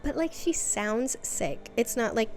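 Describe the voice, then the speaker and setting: A woman with a fairly high voice talks through a long recap in a loose, chatty way, leaning on "like" and dropping wry asides as she goes. A faint hiss sits under her voice. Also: big pitch swings, a little slow. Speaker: video essay host. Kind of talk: casual recap commentary.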